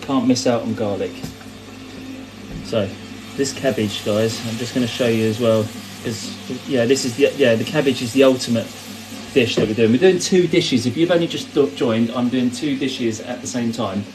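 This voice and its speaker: A man's voice: medium pitch, normal speed, noisy background. A man hosting a casual cooking livestream, chatting and rambling as he answers viewer comments. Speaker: cooking host. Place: kitchen.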